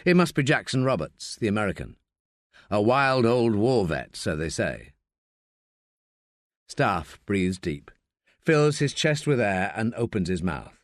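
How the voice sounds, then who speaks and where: A man reading an audiobook as narrator, measured and expressive. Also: on the low side, dry recording, clean studio sound. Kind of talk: scripted narration.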